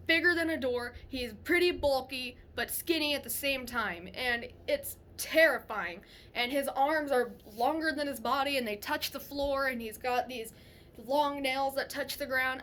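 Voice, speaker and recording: A woman's voice: high voice, pushed and bright, slight background noise. A young woman casually telling a frightening paranormal story, rambling and swearing as she goes. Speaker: storyteller sharing a paranormal experience.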